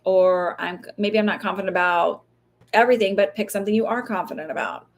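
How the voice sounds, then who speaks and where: A woman's voice: medium pitch, fairly quick. A woman psychic medium giving casual advice, chatty and rambling, who swears and laughs easily and acts out little voices. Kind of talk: casual live-stream advice talk.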